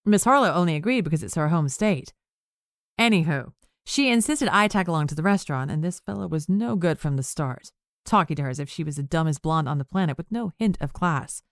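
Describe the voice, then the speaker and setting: A woman's voice: deep voice, lively intonation, a little fast, dry recording. A woman narrator voicing a stern, dry-witted older woman telling a gossipy anecdote. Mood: wry.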